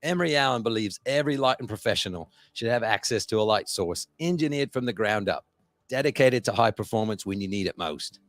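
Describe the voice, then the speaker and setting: A man's voice: deep voice, a little fast, dry recording. A man putting on a jokey foreign accent to read an ad in a playful, exaggerated way. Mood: hamming it up. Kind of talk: comic ad read.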